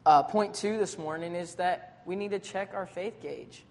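Preacher delivering a sermon. Relaxed, slangy, animated storytelling, mid-range pitch. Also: moderate pace, long reverb tail, slight background noise. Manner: casual, conversational preaching with modern slang; lively, dramatic retelling of scripture scenes.

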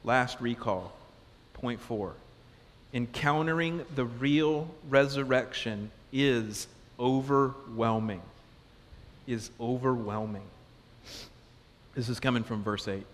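A man preaching a sermon as pastor, conversational and animated, asking the congregation question after question. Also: mid-range voice, takes it slowly. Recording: long reverb of a large hall.

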